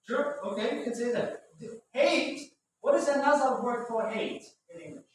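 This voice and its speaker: A man's voice: extremely high pitch, moderate pace. A man teaching English vocabulary to a class, patiently explaining words and often checking in with "right?". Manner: patient, repetitive, ends phrases with "right?". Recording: very echoey room, far from mic, faint noise.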